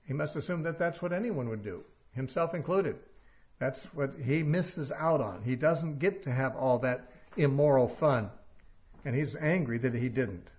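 A man's voice: medium pitch, a little slow, darkish tone. A man giving a verse-by-verse Bible teaching, reasoning aloud and putting rhetorical questions to his listeners.

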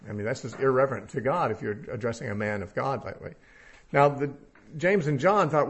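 A man's voice: medium pitch, brisk, a bit bright. A man teaching through a Bible passage verse by verse, talking casually and thinking aloud with frequent fillers.

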